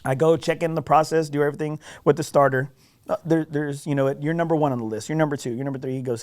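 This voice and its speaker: A fast-talking man with a fairly high voice recounts a golf story on a podcast. He's casual, animated and self-deprecating, frequently tossing in "right?" to check in.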